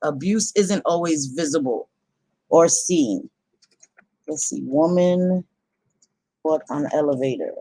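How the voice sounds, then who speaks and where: Her voice is deep, dark, and husky, expressive but slow with frequent pauses, recorded with no echo. She's a livestream host giving casual, chatty commentary, often stopping to say sorry to her audience.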